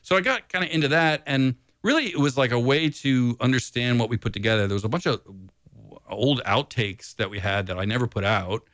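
A man's voice: mid-range voice, fairly quick, a bit bright, dry recording. Rambling laid-back man, very dry sound. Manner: rambling and laid-back, heavy on "you know" and "dude". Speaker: blues musician guest. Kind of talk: casual interview chat.

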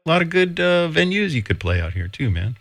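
A man's voice: fairly high pitch, sing-song, a little fast, a bit bright, dry recording, clean studio sound. A man hosting a casual radio interview, enthusiastic and saying "man" a lot. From California. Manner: enthusiastic, says "man" often. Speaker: radio host.

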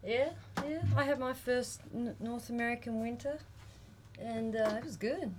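A woman's voice: fairly high pitch, a little slow, a little mellow, slight background noise. A woman, a musician in a band, talking bubbly and playful on a radio interview, laughing often. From Australia. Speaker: touring musician.

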